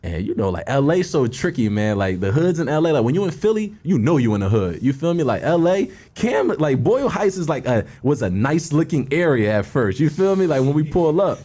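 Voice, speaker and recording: A man's voice: on the high side, big pitch swings, fairly quick, few pauses, dark tone. A man, a guest musician from Philadelphia, telling a story in casual street slang with lots of "you feel me.".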